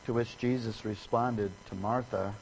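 A man preaching a sermon, telling a story in an animated way and acting out the people in it with sudden rises in pitch and volume. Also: a little slow, vocal fry, a little hiss or hum, poor audio.

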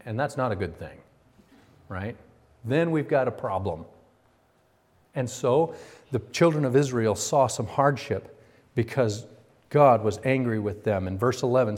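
Middle-aged man, pastor, sermon delivery; mid-range voice, emphatic builds, quiet asides. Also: medium pitch, lively intonation, measured pace, long pauses. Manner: emphatic, swinging from raised intensity to quiet confiding.

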